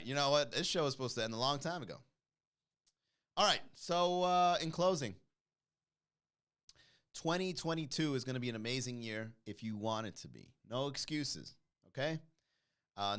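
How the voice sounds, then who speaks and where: A man with a clear, resonant mid-range voice hosts a comedy podcast livestream. He reads chat comments aloud, teasing and laughing, animated and quick to crack up.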